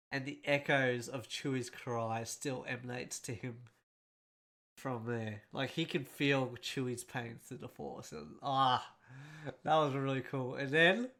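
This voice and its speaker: A man's voice: medium pitch, pushed and bright. A man hosting a casual film breakdown, speaking in a rambling and emotional way with a congested, nasal voice. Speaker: host.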